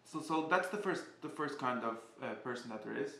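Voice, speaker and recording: A man giving a casual spoken class, halting and often restarting as he searches for words. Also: medium pitch, expressive, gravelly, bright, forceful tone, echoey room. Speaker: teacher.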